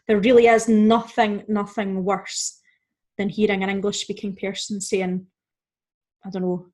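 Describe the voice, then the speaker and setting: A woman teaching a beginner Spanish lesson, explaining step by step, saying Spanish example words slowly and clearly, and often checking in with "okay?" and "right?". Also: medium pitch, darkish tone. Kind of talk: recorded beginner language lesson.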